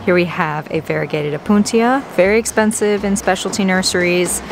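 A woman plant vlogger chatting casually as she browses a big box store garden center, easily excited. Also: on the low side, brisk, gravelly, noisy background. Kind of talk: casual walk-through narration.

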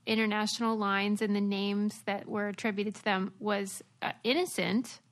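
A woman co-hosting a podcast in casual chat, brisk and wry as she steers the conversation. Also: medium pitch, level tone. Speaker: podcast co-host.

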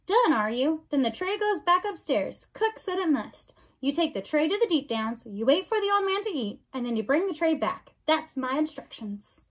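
A woman voicing a loud, simple servant girl who talks bluntly and ungrammatically. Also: high voice, sing-song, moderate pace, few pauses, voice pushed up.

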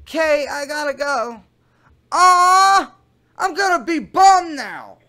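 A man voicing a giddy young girl chatting online, answering in a high, bubbly, sing-song way. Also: animated, slow, bright, forceful tone, heavily acted. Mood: gushing.

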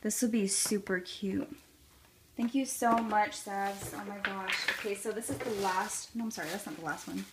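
A young woman chatting casually as she opens a package of handmade craft gifts, gushing and gasping with delight, her voice going a bit hoarse. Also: mid-range voice, fairly even intonation, normal speed, very noisy. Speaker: craft vlogger. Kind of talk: casual unboxing chat.

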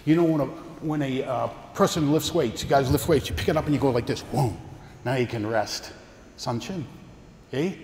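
Speaking at a normal pace in a mid-range, slightly mellow voice, an older man coaches a karate seminar, explaining techniques and walking students through partner drills. Slight background noise mixes with the long reverb and faint ambience of an echoey hall.

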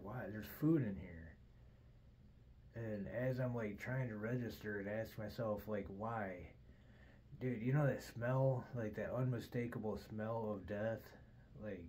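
A man's voice: lowish voice, a little mellow, slight background noise, poor audio. A middle-aged man hosting a podcast, rambling through a casual story with constant swearing and "dude". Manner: profane, says "dude" constantly. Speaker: podcast host.

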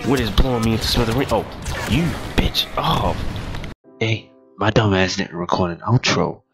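A young man giving casual, excitable gameplay commentary, yelping and cussing at the game. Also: fairly low pitch, moderate pace, music in the background. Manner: excitable, yelps and cusses at the game. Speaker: gaming YouTuber.

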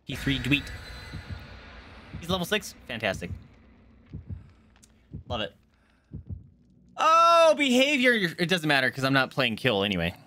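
A male streamer giving excitable gameplay commentary and swearing freely. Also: mid-range voice, normal speed, long pauses, a little hiss or hum.

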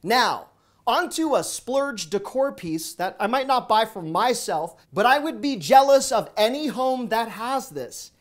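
A man hosting a shopping video, narrating a scripted voice-over in a brisk, upbeat product rundown. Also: very high voice, animated. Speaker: shopping deals host.

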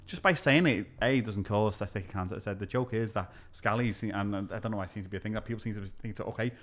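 A man's voice: on the low side, quick pace. A comedian with a Scouse accent, chatting casually on a podcast and acting out exchanges as he tells stories. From Liverpool, England. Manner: animated storytelling, acting out exchanges.

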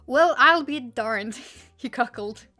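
A woman's voice: on the high side, moderate pace, a bit bright, soft background music, close to an everyday voice. A woman reading a bewildered old male farmer in a storybook, puzzled and muttering.

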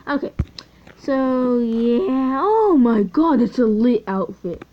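A teenage girl chatting casually over gameplay, easily excited and often trailing off mid-sentence. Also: a little high, slow. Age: teens. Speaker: gaming channel host. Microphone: phone mic. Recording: dull lo-fi phone audio.

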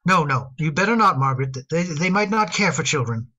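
A woman voicing a gentle, fond middle-aged father in a radio drama, hesitant and given to repeating words. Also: sits low, lively intonation, brisk, dull audio, heavily acted. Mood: uneasy.

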